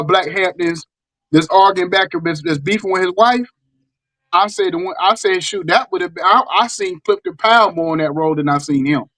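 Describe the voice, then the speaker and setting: A middle-aged man with a Southern US accent, hosting a casual chat and talking in animated bursts with repeated words and restarts. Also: sits high, dry recording. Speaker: podcast host.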